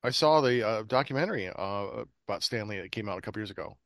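A man's voice: lowish voice, lively intonation, quick pace, a bit bright, no echo. Chatty man, dry close sound. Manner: chatty, rambling with fillers. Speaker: podcast host. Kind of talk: casual chat about bad movies.

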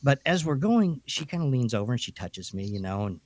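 A man's voice: medium pitch, brisk, no echo. A man on a podcast telling a ghost story in a rambling, casual way, full of restarts and asides. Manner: chatty, animated storytelling. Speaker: podcast co-host.

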